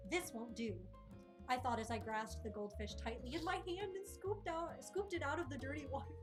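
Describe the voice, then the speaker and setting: A woman's voice: high-pitched, normal speed. A young woman streamer reading a visual novel aloud on stream with dramatic delivery and frequent laughter. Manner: reads dialogue dramatically, laughs often. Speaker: game streamer. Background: game music.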